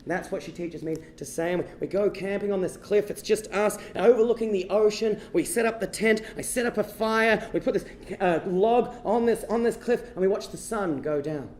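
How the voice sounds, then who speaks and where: High, fast-talking male stand-up storyteller. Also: roomy sound. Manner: animated, swings from hushed to shouting. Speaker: stand-up comedian. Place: stage before a live audience.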